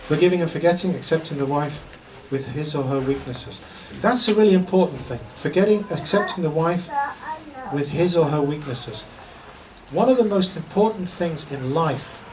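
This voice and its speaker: A man giving an informal religious teaching talk in a lecture room, chatty and humorous, telling stories and repeating a chant. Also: fairly high pitch. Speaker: Islamic teacher. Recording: distant mic with faint background noise.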